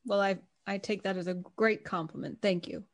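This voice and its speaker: A woman's voice: medium pitch, fairly even intonation, brisk. Gracious woman playing a noble. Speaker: player. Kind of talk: in-character tabletop role-play.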